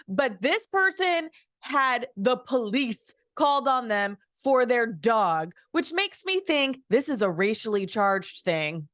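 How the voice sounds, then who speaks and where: A woman's voice: fairly high pitch, sing-song, takes it slowly, fairly bright tone, dry recording, clean studio sound. A woman co-hosting a podcast in casual chat, earnest and indignant, often restarting her sentences. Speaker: podcast co-host.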